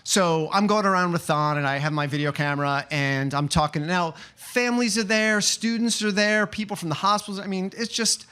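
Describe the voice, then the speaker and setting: A man's voice: high-pitched, fairly quick, few pauses, bright, forceful tone, clear, resonant tone. A man telling a personal story on stage at a story slam, chatty and earnest, with many fillers and restarts.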